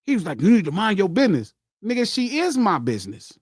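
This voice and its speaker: A man hosting a podcast, telling a personal story in casual chat, animated and repetitive, acting out what people said. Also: high voice, fast, breathy edge, dry recording, studio quality. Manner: animated, repeats himself, acts out quotes. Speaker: podcast host.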